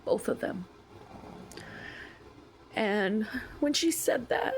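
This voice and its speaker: Young woman, personal vlog; lively, emotional delivery with soft whispered moments. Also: fairly high pitch, extremely slow, gravelly, a little hiss or hum, rough recording. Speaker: vlogger. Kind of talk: personal storytelling.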